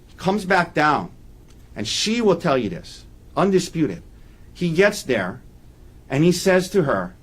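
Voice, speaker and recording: A man's voice: a little high, very animated, unhurried, long pauses, breathy edge. A man giving a courtroom opening statement as defense attorney, emphatic and repeating key points for weight.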